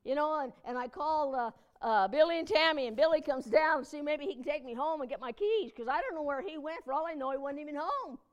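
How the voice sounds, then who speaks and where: A woman pastor with a high voice gives a homey, conversational sermon, telling personal anecdotes in a chatty, folksy style. She laughs along and breaks into emphatic exclamations, her intonation lively and her delivery brisk with few pauses. The audio sounds dull.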